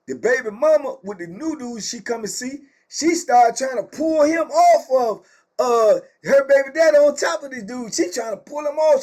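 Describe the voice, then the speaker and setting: Man, middle-aged, husky voice, high pitch, casual slangy prison story time. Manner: animated, slangy, acts out quoted people. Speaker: storyteller host.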